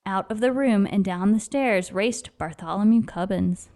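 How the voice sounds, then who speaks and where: A woman reading a children's picture book aloud in an expressive, lively storyteller manner. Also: medium pitch, a little slow.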